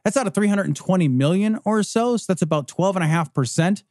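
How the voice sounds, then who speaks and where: A man co-hosting a podcast in a fairly high voice. He swears freely and mocks his targets. The recording is dry and close, with no room sound. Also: fast talker, no room sound. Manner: profane, animated, mocking. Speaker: podcast co-host. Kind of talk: casual political chat.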